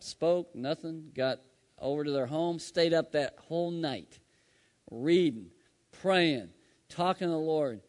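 Preacher man in a reverberant hall. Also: fairly high pitch. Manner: storytelling, swings from loud to hushed. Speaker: pastor. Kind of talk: sermon.

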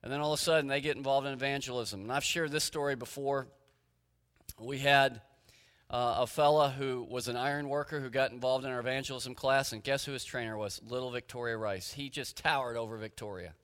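Male pastor, storytelling sermon, crisp forceful voice with long hall echo. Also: medium pitch, steady tone, brisk. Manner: storytelling, retelling conversations. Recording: reverberant hall.

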